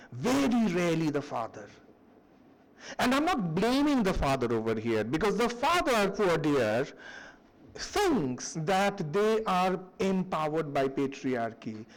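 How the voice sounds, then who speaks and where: A middle-aged man, giving a university lecture in an animated, anecdotal storytelling manner. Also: on the high side, rough recording. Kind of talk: public lecture. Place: lecture hall.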